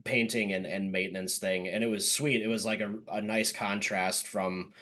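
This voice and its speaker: A man hosting a casual podcast, his voice sitting a little low. He chats in an animated way and is quick to agree. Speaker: podcast host. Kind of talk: casual conversation.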